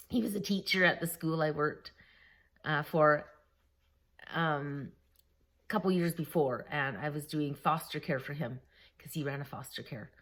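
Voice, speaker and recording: A woman vlogging to her camera, telling a story in a lively, laughing way and often quoting the people she talks about. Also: low-pitched. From Canada. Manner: animated, laughing, quoting others. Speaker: vlogger, former school staff member.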